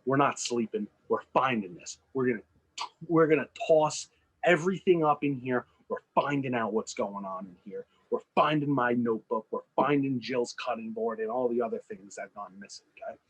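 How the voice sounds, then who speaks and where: A man's voice: medium pitch, normal speed, slightly rough, low-quality recording. A man co-hosting a podcast, casually telling a made-up movie plot and acting out the characters' lines. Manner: animated, acts out characters' lines. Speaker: podcast co-host. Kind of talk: casual storytelling chat.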